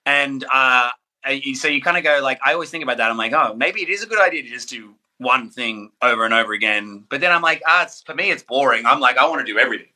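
Bright-voiced Australian man, chatty. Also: mid-range voice. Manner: animated, rambling, quick asides. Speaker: podcast guest. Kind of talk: casual chat.

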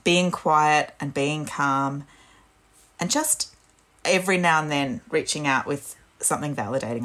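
A woman, calmly explaining parenting advice in a casual chat. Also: low voice, measured pace. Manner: calm, gentle and explanatory. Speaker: parenting podcast guest.

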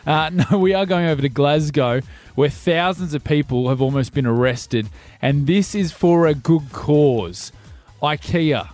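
A man's voice: a little high, unhurried, darkish tone, faint music behind. A man co-hosting a breakfast radio show, telling stories in a chatty way and laughing often. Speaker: radio co-host. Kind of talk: casual breakfast radio banter.

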